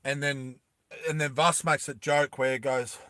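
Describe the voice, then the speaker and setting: A man casually telling a story to his live chat, animated, laughing often and acting out the characters. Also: mid-range voice, a little slow, dry recording.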